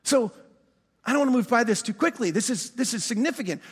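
A man preaching a sermon as pastor, animated, often restarting words and asking his congregation questions. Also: very high-pitched, fast, breathy edge, long reverb tail.

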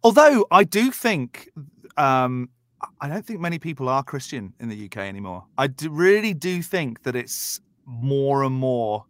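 A man's voice: medium pitch, sing-song, measured pace, no room sound. A man from the south of England with a Southern English accent, telling stories animatedly as a podcast guest and acting out quoted voices. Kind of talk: casual storytelling chat.

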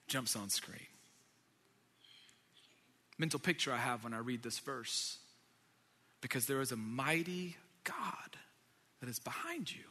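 A man preaching a sermon, swinging between loud declarations and near-whispers. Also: a little high. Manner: dynamic, shifts from loud to whispered. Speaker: pastor. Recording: long hall reverb.

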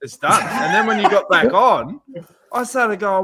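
A man hosting a podcast, telling animated stories with lots of swearing and laughter. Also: high-pitched, normal speed, over a noisy crowd. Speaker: podcast host. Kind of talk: casual chat, storytelling.

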